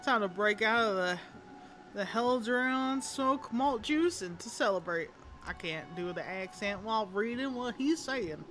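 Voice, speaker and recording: A woman's voice: a little high, lively intonation, unhurried, a bit bright, a little hiss or hum. Streamer woman voicing game dialogue. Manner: playful, switching between characters. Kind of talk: reading game dialogue aloud with amateur voice acting. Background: game music.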